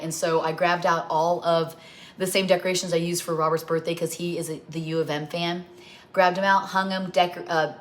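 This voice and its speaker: A middle-aged woman with a fairly low voice hosts a home cooking livestream. She rambles through stories while guiding viewers through a recipe.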